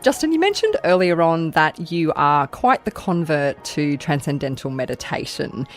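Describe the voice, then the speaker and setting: A woman's voice: sits low, very animated, normal speed, soft background music. A woman hosting an interview, asking questions and laughing along with her guest. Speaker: podcast host.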